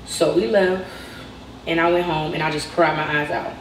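A woman's voice: deep voice, steady tone, moderate pace, far from the mic, slight background noise. A young woman, telling a personal storytime and acting out the people in it. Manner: conversational, retells dialogue. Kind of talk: storytime narration. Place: played clip inside a reaction video. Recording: echoey clip heard from afar.

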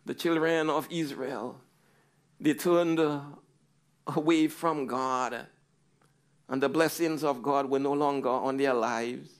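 A man's voice: mid-range voice, fairly even intonation, slow, pauses often, clear, resonant tone. A male pastor preaching a fervent sermon, rising into repeated pleading cries.

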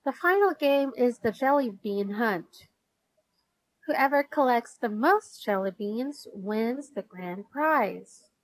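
A woman voicing a bossy, cheerful girl who runs the games, in a bright announcer tone. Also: a little high, animated, takes it slowly, low-quality recording.

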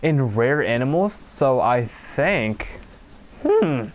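A young adult streamer from Pennsylvania talks casually and profanely over the video game he's playing, often exasperated and rambling. His medium-pitched voice is very animated, though he takes it slowly.

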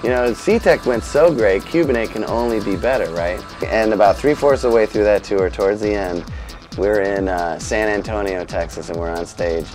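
A man being interviewed, telling animated, profane anecdotes about his band. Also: on the low side, moderate pace, faint music behind, low-quality recording. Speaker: musician interviewee. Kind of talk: storytelling interview.

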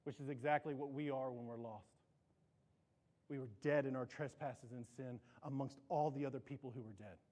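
A man preaching a sermon in a church, animated, often repeating and restarting his words. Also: normal speed. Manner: animated, climbs in pitch and volume for emphasis. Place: church sanctuary.

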